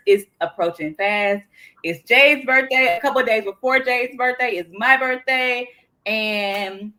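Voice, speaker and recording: A woman's voice: mid-range voice, bright, forceful tone. A woman with a Southern US accent co-hosting a podcast, chatting in a casual, colloquial way and often breaking off mid-thought. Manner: chatty, colloquial, self-interrupting. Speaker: podcast co-host.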